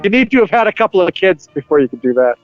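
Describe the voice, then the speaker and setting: A man's voice: high-pitched, very animated, rapid-fire, soft background music. A man casually riffing on a film with friends, sarcastic and jokey, laughing often. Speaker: comedy podcast co-host. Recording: dull, lo-fi audio.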